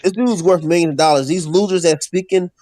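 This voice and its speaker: A man co-hosting a casual boxing call-in show, ranting rapidly and swearing freely. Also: high voice. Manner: rapid, profane, animated ranting. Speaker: podcast co-host.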